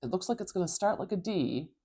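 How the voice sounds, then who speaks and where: A woman pronunciation coach teaching phonetic transcription, patiently modeling each sound slowly and aloud in a North American accent. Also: lowish voice, expressive, dark tone, slightly rough. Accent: North American English. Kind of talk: tutorial explaining phonetic transcription.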